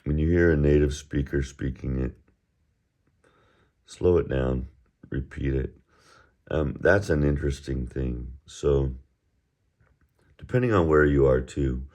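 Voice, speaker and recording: Very deep-voiced, slow-talking male teacher. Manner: easygoing, drills words slowly and repeats them; relaxed chatty asides. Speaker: Chinese teacher. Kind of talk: recorded language lesson.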